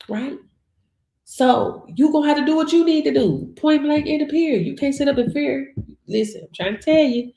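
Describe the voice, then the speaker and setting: A woman's voice: high voice, animated, moderate pace, creaky, warm tone. A woman coach giving a motivational talk, emphatic and colloquial with punchy catchphrases. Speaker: online income coach.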